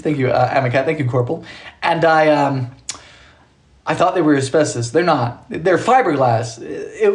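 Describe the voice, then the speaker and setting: Chatty male baking streamer in a small home kitchen, fairly high voice, lots of swing in the pitch, jokey, thanks viewers by name. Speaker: baking livestream host. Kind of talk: casual live-stream chat while baking.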